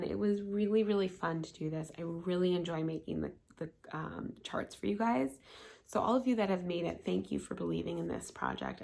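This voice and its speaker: A woman's voice: lowish voice, vocal fry, slightly rough. A woman casually walking viewers through knitwear patterns, chatty and enthusiastic, often repeating words for emphasis. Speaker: knitwear brand presenter. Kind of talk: casual product walkthrough.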